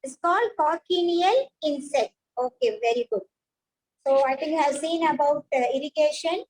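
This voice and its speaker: A woman's voice: high-pitched, moderate pace, a little mellow, poor audio. A woman, teaching a science class, patiently repeating points and praising pupils by name.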